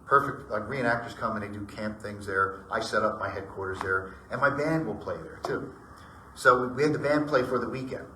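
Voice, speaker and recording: A man's voice: fairly low pitch, a little fast, recorded from a distance, slight background noise. Chatty man telling ghost stories. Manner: rambling, animated retelling with acted-out dialogue. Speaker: storyteller. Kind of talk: casual personal ghost story told to a group. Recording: echoey room, voice from off-mic.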